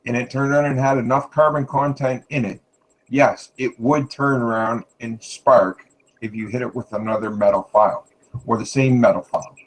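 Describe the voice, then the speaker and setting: A man's voice: mid-range voice, slightly rough, low-quality recording. A man in casual live chat who explains things patiently and keeps repeating a stock phrase.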